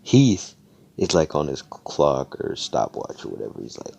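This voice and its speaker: Young man, very deep voice, dark tone, rambling, profane, casual role-play recap. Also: wildly swooping pitch, unhurried, vocal fry. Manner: rambling, profane, filler-heavy.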